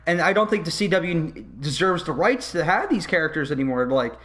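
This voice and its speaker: Podcast host, male, high-pitched, heated swearing rants. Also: lively intonation, brisk, a bit bright. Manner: heated, swearing, ranting and acting out scenes. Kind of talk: casual podcast rant.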